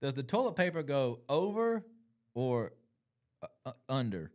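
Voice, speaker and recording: Мужчина-ведущий подкаста, оживлённо и с матом. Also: male voice, mid-range voice, measured pace. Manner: laughing, profane, animated storyteller. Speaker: podcast host. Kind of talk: casual chat.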